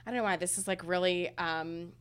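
Emotional mom podcaster, halting and teary. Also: female voice, on the low side, fairly even intonation, clean tone. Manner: emotional, halting, many fillers. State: close to tears. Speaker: podcast co-host. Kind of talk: casual podcast chat.

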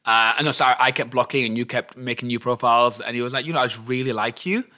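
A young man tells a story in casual chat. His voice is bright and forward. He slips into the voices of the people he quotes and laughs along with the telling. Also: mid-range voice, fast. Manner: animated, acts out quotes, laughs while telling.

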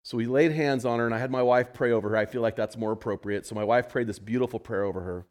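A man's voice: mid-range voice, steady tone, quick pace, a little mellow. A man in his fifties, a pastor telling a story in a conversational sermon to a men's group, repeating phrases for emphasis.

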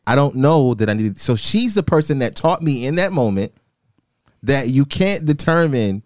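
A man telling a personal story in casual chat, animated and quoting himself. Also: mid-range voice, normal speed, dry recording, studio quality. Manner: animated, quotes himself in a raised voice. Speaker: guest telling his story.

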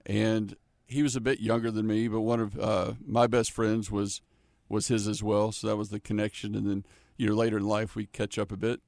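A man's voice: on the low side, level tone, moderate pace, vocal fry, a little mellow, no room sound. Good-humored male radio guest. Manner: self-deprecating, good-humored. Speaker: guest, car dealership manager. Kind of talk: casual interview chat. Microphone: studio mic. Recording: dry studio sound.

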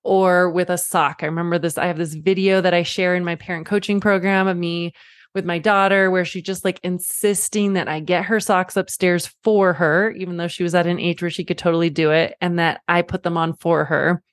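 A woman in her thirties, a parent coach and host, talking casually and chattily, often slipping into a high playful voice to act out quotes. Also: fairly even intonation, a little fast, dry recording. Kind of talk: casual teaching talk.

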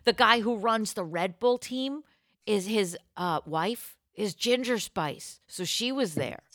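A woman co-hosting a casual podcast chat, her voice bright and sharp as it swoops lively up and down. She tells her stories in an excitable, goofy rush. The recording is dry and close. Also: mid-range voice, takes it slowly, dry recording. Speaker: podcast co-host.

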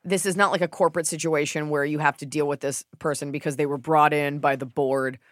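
A woman co-hosting a casual advice chat, cracking sarcastic, deadpan jokes. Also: deep voice, a little fast, dry recording, clean studio sound. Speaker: podcast co-host.

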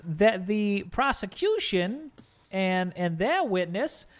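A man's voice: high-pitched, sing-song, takes it slowly, exaggerated voice. A man doing a rambling drawling lawyer. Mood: accusing. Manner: rambling, hesitant, stumbling courtroom argument. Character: fast-talking male defense lawyer. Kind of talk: improv comedy.

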